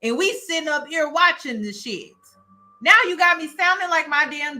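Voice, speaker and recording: A woman's voice: sits high, normal speed, sharp tone. A woman hosting a reaction video, talking bluntly and with exasperation, swearing as she comments. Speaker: YouTube reaction host.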